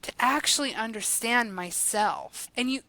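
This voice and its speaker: A woman guest on a podcast, talking in a casual, animated way about her work and laughing often. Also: on the high side, unhurried, dry recording. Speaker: guest, guided journal creator and coach.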